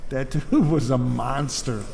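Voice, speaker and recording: A man hosting a casual podcast chat, animated and quick to laugh. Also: mid-range voice, gravelly. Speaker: podcast host.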